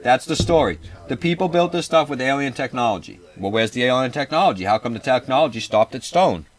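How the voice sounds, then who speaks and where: A man co-hosting a casual radio talk show, rambling and profane, with animated storytelling. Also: mid-range voice, fast. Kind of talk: casual chat.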